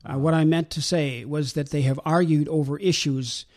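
A man calmly explaining religious ideas in a talk show discussion, pausing often with fillers. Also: on the high side. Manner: measured, explanatory, with many pauses and fillers. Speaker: guest speaker explaining Islam.

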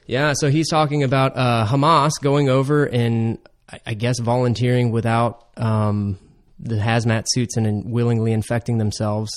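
A man from Florida co-hosting a casual podcast chat, reading out survey numbers and slowing down to stress points. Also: mid-range voice, flat delivery. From Florida Panhandle. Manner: explains, slows down to stress numbers. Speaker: podcast co-host.

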